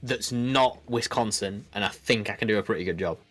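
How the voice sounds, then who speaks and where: A man's voice: on the low side, fairly quick, fairly bright tone, soft background music. A man commentating a card game match in a loose, rambling way, full of restarts. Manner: rambling, lots of fillers and restarts. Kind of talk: casual play-by-play commentary.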